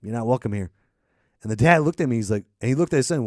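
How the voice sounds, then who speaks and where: Animated ranting male podcast host. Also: mid-range voice, quick pace, dry recording, studio quality. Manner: ranting, sarcastic, swings between loud and mumbled. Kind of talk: casual ranting chat.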